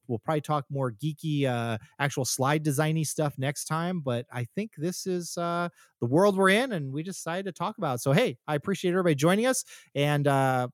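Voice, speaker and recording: An upbeat man co-hosts a podcast from his home office, his voice sitting a little high for a man. He talks in a chatty, casual way and often restarts his sentences. The sound is dry and close. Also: no echo. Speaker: podcast co-host. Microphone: home office computer mic.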